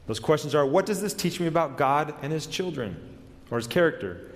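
A man preaching in an earnest way, his voice carried by the long reverb of a church sanctuary. He often slows and falls to a near hush on the words he wants to stress. His pitch sits at an ordinary middle level for a man. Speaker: pastor. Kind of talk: sermon.

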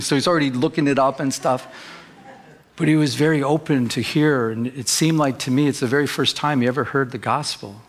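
A man's voice: medium pitch, fairly even intonation, fast. A middle-aged male pastor preaching a sermon in an earnest, conversational way, telling personal stories.

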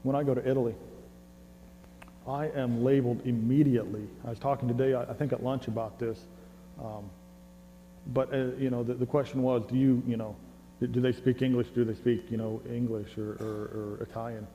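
Delivering a sermon, this American man speaks briskly in a mid-range, dark-toned voice with little pitch movement, and the audio sounds dull. His style is conversational and jokey, full of stammered restarts on repeated words. Long hall reverb and faint mains hum sit underneath.

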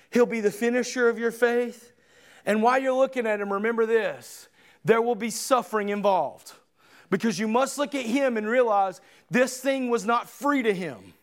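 A male pastor delivers a sermon in a church, his voice sitting unusually high. He talks with passion, climbing to shouts on his key points and then sinking into low, earnest urging.

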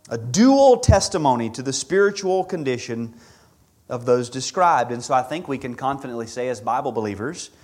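A man preaching an expository sermon, measured and emphatic, repeating key words for stress. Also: a little high.

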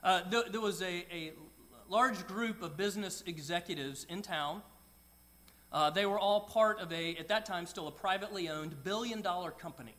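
A middle-aged man preaching a sermon, telling a personal story with soft, quiet asides. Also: high-pitched, normal speed. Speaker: pastor.

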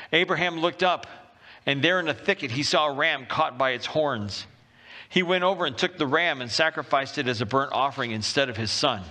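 Male pastor preaching, bright voice, acts out the story characters with lots of energy. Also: mid-range voice. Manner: animated storytelling, acting out voices. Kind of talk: sermon.

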